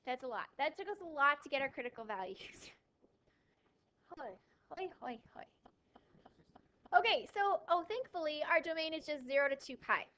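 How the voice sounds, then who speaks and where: A woman teaching a math class, lively, asking questions and answering them herself, with a touch of dry sarcasm. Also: high voice, quick pace, few pauses, lo-fi sound. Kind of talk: classroom lecture.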